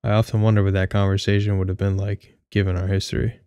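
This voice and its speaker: A young man reads a first-person story with a wry, candid edge and the odd curse. His voice sits low and stays fairly flat, smooth and clear. The sound is dry and close, with no room to it. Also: fast talker, dry recording, highs cut off. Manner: candid, wry, casually profane. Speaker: audiobook narrator.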